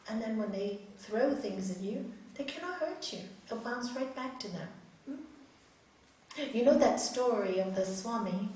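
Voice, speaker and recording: A middle-aged woman yoga teacher tells a spiritual story to a group in a hall, animatedly acting out the characters' voices. Her voice is medium in pitch. The recording is echoey and far off, with a slight hiss or hum.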